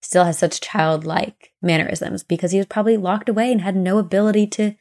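A young woman co-hosting a podcast, casually recounting ghost lore in a chatty, animated way. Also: medium pitch, a little fast, creaky. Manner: chatty, animated retelling with quoted voices. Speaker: podcast co-host.

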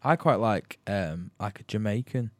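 A man's voice: lowish voice, animated, moderate pace, no room sound. Easygoing man. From Manchester, England. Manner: easygoing, slangy, hesitant restarts. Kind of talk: casual chat.

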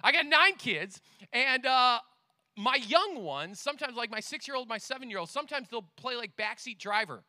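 A middle-aged man preaching a sermon outdoors downtown, acting out conversations in an animated storytelling manner. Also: very high-pitched, normal speed, no room sound, studio quality. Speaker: pastor. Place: outdoors downtown with passing motorcycles.

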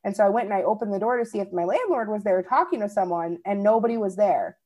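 A woman's voice: mid-range voice, fast talker, warm tone. A young woman, co-hosting a podcast and telling stories in casual chat. She swears freely and acts out what people said. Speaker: podcast co-host.

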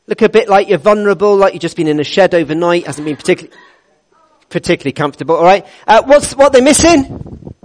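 High-voiced man, upbeat and jokey. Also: animated, fast talker. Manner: upbeat, jokey, coaxing people into place. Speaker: church service leader. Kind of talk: leading a congregation activity. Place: church hall with a congregation.

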